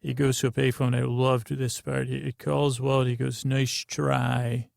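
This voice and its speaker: A man hosting a bedtime podcast, rambling slowly and aimlessly with many fillers. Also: medium pitch, level tone, vocal fry, a little mellow, dry recording, studio quality. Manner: meandering and slow, with many fillers. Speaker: podcast host. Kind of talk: drowsy bedtime podcast monologue.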